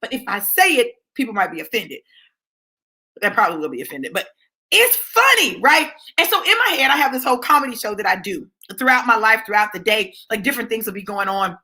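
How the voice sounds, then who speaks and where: A woman talking straight to her viewers in a casual storytelling monologue, swinging from low asides to high exclamations and checking in with "right?". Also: big pitch swings, fairly quick, bright, forceful tone. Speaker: vlogger.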